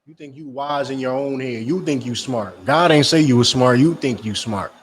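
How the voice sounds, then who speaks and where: A man preaching in a forceful, scolding way, repeating his points. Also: medium pitch, normal speed, slight background noise. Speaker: street preacher. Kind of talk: street-corner preaching.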